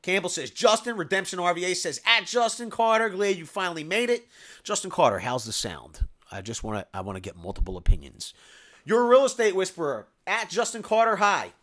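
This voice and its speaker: Dude rambling on a live stream reading chat, kinda high voice, bounces all over. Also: male voice, very animated, fairly quick, a bit bright. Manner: chatty, rambling, reads comments aloud. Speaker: live stream host answering viewer chat.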